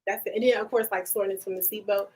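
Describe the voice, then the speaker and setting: Animated, heartfelt woman guest. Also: mid-range voice, racing, low-quality recording. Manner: animated storytelling with laughs; emotional, heartfelt. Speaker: podcast guest. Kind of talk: casual interview chat.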